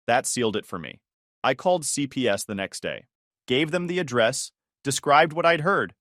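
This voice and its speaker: Man narrating a revenge story, expressive pitch. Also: moderate pace, dry recording, clean studio sound. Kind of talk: first-person story narration.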